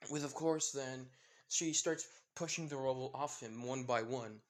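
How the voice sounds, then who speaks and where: A man's voice: mid-range voice, measured pace. A man casually telling a fan-fiction story, rambling and often correcting himself with fillers.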